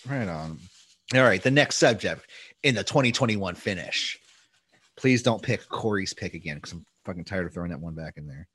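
Swearing, lively-pitched male podcast host. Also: normal speed, breathy edge. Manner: loose and profane, jumps into mock voices. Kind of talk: casual podcast chat.

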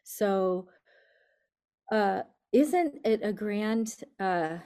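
Slow, mellow-voiced reflective woman. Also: medium pitch, animated, clean tone. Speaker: interview guest. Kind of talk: interview conversation.

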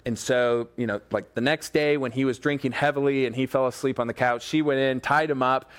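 A man preaching a sermon, retelling a Bible story with lively asides and acted-out quotes to his congregation. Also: medium pitch, moderate pace, clean tone. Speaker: pastor.

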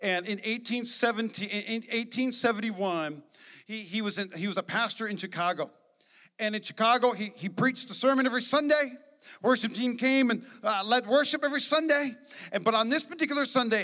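A man with a high, bright, forceful voice preaches with energy and emphasis, throwing in joking asides to his congregation. His sermon rings out with a long reverb from the church sanctuary. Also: a little fast. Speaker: pastor.

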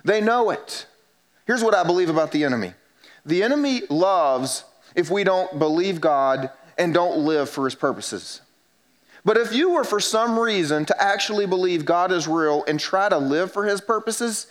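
A male pastor preaching a sermon with emphatic rises, dropping low and quiet when he voices quoted people. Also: animated, moderate pace.

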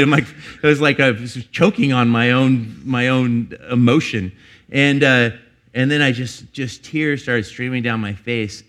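In his sermon, a middle-aged pastor with a slightly bright voice is sincere and confessional. He rises to forceful high points and then falls back to a quiet, personal tone.

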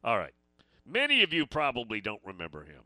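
A man's voice: mid-range voice, huge pitch swings, a little fast, sharp tone, no room sound. A man hosting a sports call-in radio show, talking casually and rambling between stories and listener messages.

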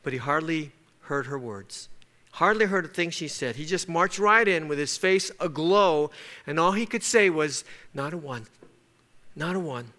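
A man's voice: on the high side, expressive, unhurried, sharp tone. A man preaching a sermon, telling a story and then pressing his point with rising emphasis. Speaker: pastor.

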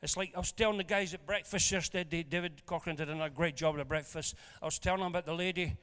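A man preaches with a high, bright voice, telling stories with humour. He swings from loud, lively bursts down to quiet asides. His voice rings with the long echo of a church hall. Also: fast talker. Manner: animated, jokey storyteller who swings between loud and hushed. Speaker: pastor. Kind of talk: storytelling sermon.

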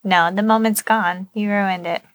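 A woman's voice: mid-range voice, fairly even intonation, unhurried. A woman co-hosting a podcast with her husband, teasing and sarcastic in casual chat. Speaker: podcast co-host.

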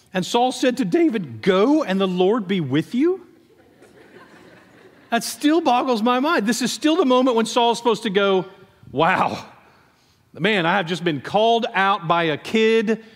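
Animated preacher in a reverberant church. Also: male voice, sits high. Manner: conversational, animated storytelling with acted asides. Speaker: pastor. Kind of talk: sermon. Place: church sanctuary.

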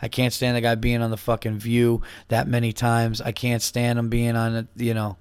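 Male podcast host, slightly buzzed, swearing and rambling, smooth clear voice, dry close sound. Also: mid-range voice, monotone, normal speed, darkish tone, dry recording. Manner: profane, ranting, rambling. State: a little buzzed. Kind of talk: casual monologue.

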